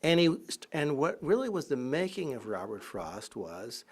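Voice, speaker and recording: A man's voice: mid-range voice, normal speed, breathy edge. A man giving a public lecture with a mid-range voice. He tells story after story and breaks into quoted voices. His delivery sounds conversational and wry. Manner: lively anecdotal storytelling, acting out quotes. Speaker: professor and biographer.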